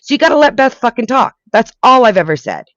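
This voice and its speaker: A woman's voice: fairly high pitch, big pitch swings, quick pace, dry recording, dull audio. A woman moderating a heated online panel, firmly repeating her point. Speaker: stream co-host moderator.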